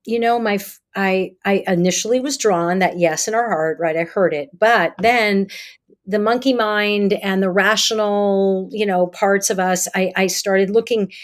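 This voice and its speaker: A middle-aged woman, a psychotherapist guest in an interview, telling stories in a lively way and acting out quoted dialogue. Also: mid-range voice, unhurried. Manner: animated, acts out quoted dialogue. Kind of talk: conversational interview storytelling.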